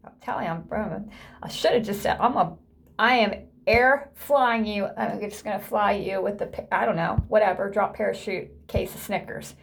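A woman's voice: medium pitch, normal speed, gravelly, slight background noise. A woman talking casually to camera in a rambling, chatty way, laughing often and sometimes dropping to a whisper. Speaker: vlogger. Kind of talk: casual vlog chat.

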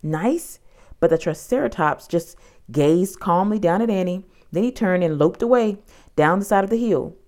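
A woman narrating a children's storybook in an expressive, dramatic way. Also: fairly low pitch, normal speed.

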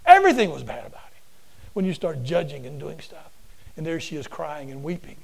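A man preaching a sermon to a class in a folksy, animated storytelling way, often repeating himself. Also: a little high, brisk, creaky, low-quality recording. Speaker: preacher and teacher.

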